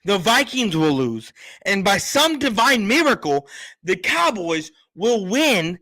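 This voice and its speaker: A man with a high-pitched voice argues his sports takes loudly, hammering each point again and again. He has been drinking a little, and his speech stays forceful and insistent. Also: very animated, takes it slowly. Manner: loud, emphatic, repetitive insistence. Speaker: sports podcast host. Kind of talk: heated sports opinion talk.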